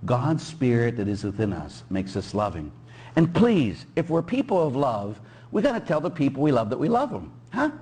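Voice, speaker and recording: Animated joking priest preaching. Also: male voice, mid-range voice, normal speed, breathy edge. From Pittsburgh. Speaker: Catholic priest. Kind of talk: sermon.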